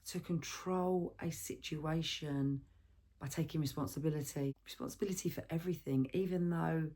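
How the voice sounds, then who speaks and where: A woman counsellor giving a gentle, reflective self-help talk and asking the viewer questions. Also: sits low, fairly even intonation, moderate pace.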